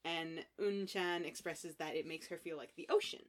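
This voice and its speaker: A woman co-hosting a podcast, recapping an episode in casual chat, animated and laughing often with lots of fillers. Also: sits low, normal speed. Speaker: podcast co-host.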